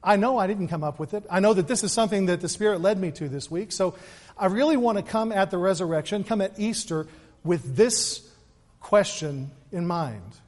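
Guy preaching easter sermon, pretty high voice, big echoey church hall. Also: lively intonation, a little mellow. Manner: earnest, repeats words, shifts between quick and slow emphatic delivery. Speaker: pastor. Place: church sanctuary. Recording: long reverb of a large hall.

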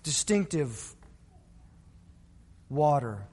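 Man, pastor, sermon, lively storytelling, high voice, long hall echo. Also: normal speed. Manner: storytelling, acts out biblical voices.

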